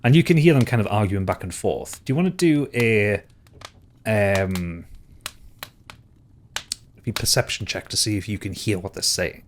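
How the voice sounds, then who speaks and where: A man's voice: fairly low pitch, moderate pace, long pauses, background noise. A man narrating as game master of a tabletop game, hesitant and full of fillers and restarts.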